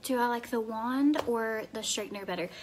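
A woman's voice: a little high, moderate pace, slight background noise. Chatty Southern woman from Tennessee. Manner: chatty, answers viewer comments, drops to soft murmurs while styling. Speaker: live-stream hair demonstrator. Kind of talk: casual live video chat. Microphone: phone.

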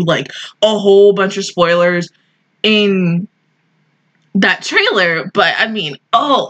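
A woman's voice: medium pitch, a bit bright, a little hiss or hum, rough recording. A young woman reacting to an anime episode in casual commentary, emotional and exclamatory, often swearing and laughing.

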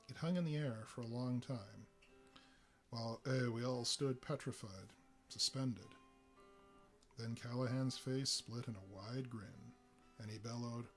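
A man's voice: mid-range voice, moderate pace, faint music behind. Man reading a story aloud. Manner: steady storytelling with small fillers. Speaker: reader.

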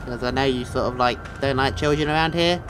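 A man's voice: medium pitch, brisk, background noise. A young man giving jumpy, joking commentary over a horror game, swearing and yelping when startled. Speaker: gaming video host. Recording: game music loud behind voice.

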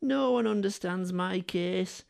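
A man's voice: sits high, takes it slowly, creaky, smooth, voice pushed up, full character voice. A man voicing a big male steam engine who moans in self-pity. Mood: mournful. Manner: whiny, mournful.

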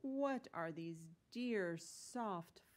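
A woman's voice: medium pitch, animated, extremely slow. Polite little farm girl, curious and inquisitive, storybook, voiced by a woman. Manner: inquisitive, wondering questions.

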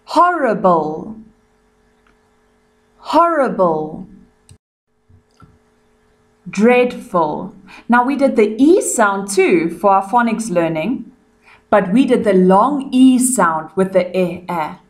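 Woman teacher, South African accent, very slow careful speech, repeats words for young pupils. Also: mid-range voice, very animated. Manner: pronounces words slowly and repeats them. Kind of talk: slow revision lesson for young children.

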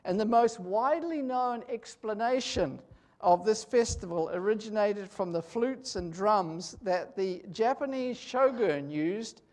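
An older man preaching in a church, praying first, then telling stories slowly with pauses and fillers. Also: high-pitched, a little mellow. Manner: slow, storytelling with pauses and fillers. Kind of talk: sermon with opening prayer.

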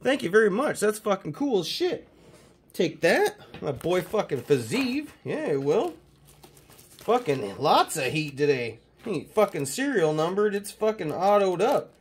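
A man from Canada hosting a casual mail-day chat about his trading cards, excitable and swearing constantly. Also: sits high, slight background noise. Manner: profane, excitable hype talk. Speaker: card collecting channel host.

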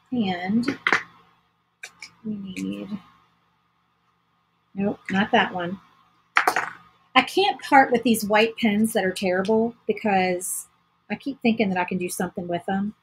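A woman's voice: medium pitch, takes it slowly, pauses often, noisy background. A woman hosting a casual crafting livestream, chatting to viewers while she paints. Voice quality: very husky.

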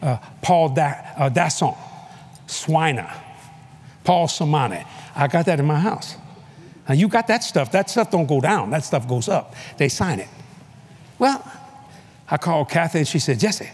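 A male preacher telling a story in a sermon at a convention, animated and playful, laughing often and bursting into shouts. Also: on the high side, unhurried, long pauses, slightly rough. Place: convention hall before a live audience.

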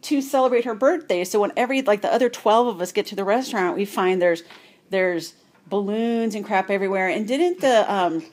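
A woman's voice: mid-range voice, a little fast, darkish tone. A woman telling a casual anecdote as a guest, chatty, with laughing asides. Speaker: guest storyteller.

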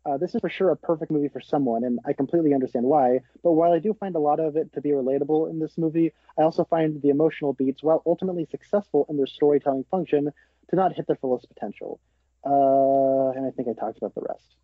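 A man's voice: a little high, slightly rough, no echo, phone-quality sound. Dry-sounding young man, chatty. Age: 20s. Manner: chatty, quick to laugh. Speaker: podcast co-host. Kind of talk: casual film review chat.

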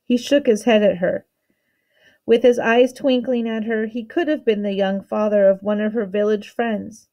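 A woman teacher reads a children's novel aloud, her tone soft and mellow rather than bright. She keeps a steady, expressive storytelling pace, at a middle pitch for a woman. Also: moderate pace, dull audio.

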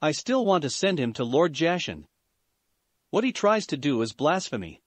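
Man doing zealous contemptuous ninja, fairly high voice, story reading. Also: very animated, moderate pace, dry recording. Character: zealous male ninja devoted to a god.

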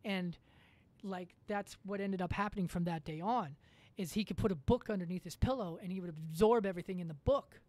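A woman's voice: lowish voice, brisk, darkish tone, no room sound. A woman as a podcast guest in casual chat, rambling through a story with lots of fillers and casual swearing.

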